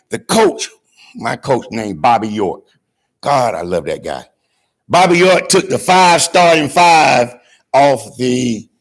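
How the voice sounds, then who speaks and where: A man from Georgia, giving a graduation speech and telling an animated story, calling out to the audience to join in. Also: medium pitch. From Georgia, USA. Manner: call-and-response with the audience, dramatic swings from hushed to shouting. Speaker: graduation guest speaker.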